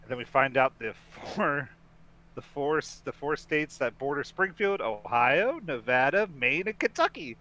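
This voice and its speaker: Bright-voiced man, laughing podcast host. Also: mid-range voice, big pitch swings, moderate pace. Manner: laughs often, rambling with restarts. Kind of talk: casual chat recapping a film.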